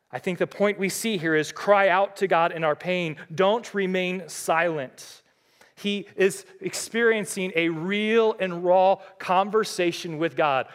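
Middle-aged pastor guy preaching, fairly high voice, earnest, gets loud then drops real low. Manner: earnest, impassioned, swings between loud emphatic and low quiet. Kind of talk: sermon.

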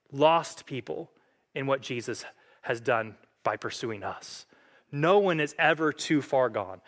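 A man pastor preaching a sermon in an earnest way, reading scripture aloud and lifting his voice as he quotes it. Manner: earnest, reads scripture aloud, rises in pitch and force when quoting.

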